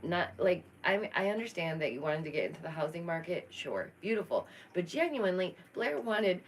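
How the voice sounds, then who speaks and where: Woman, low voice, casual stream commentary, sassy, expressive, faint background noise. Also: normal speed, rough recording. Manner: expressive, sassy, laughs often. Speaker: YouTube commentary host.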